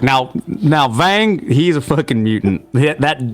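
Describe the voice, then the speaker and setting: A man's voice: a little high, animated, slow pace, few pauses. A man playing a tabletop game, joking and swearing with friends in casual chat. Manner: joking, crude, playfully defensive. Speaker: player.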